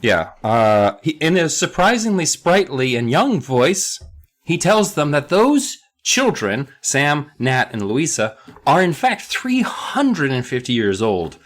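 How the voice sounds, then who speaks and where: Animated, sarcastic man recapping. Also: a little high, slow. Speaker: podcast co-host. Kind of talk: comic book recap.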